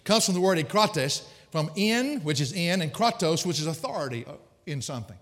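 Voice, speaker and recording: A male pastor preaching a sermon, an animated, folksy storyteller with humorous asides. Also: a little high, normal speed. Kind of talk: sermon with personal stories. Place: church sanctuary. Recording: long reverb of a church hall.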